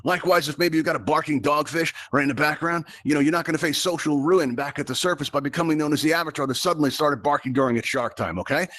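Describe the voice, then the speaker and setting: A man's voice: fairly high pitch, fast, few pauses, fairly bright tone. A man hosting a live virtual game show, talking straight to his audience in a chatty, rambling showman manner.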